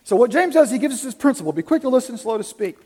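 A man preaching a sermon in a church, conversational, swinging from quiet asides to loud, animated bursts. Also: extremely high pitch, very fast, husky. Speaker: pastor. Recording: long reverb in a large hall.

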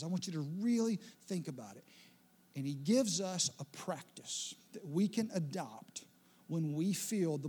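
A man preaching a sermon in an animated way, with playful asides and acted-out quotes. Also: high voice, breathy edge. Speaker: pastor.

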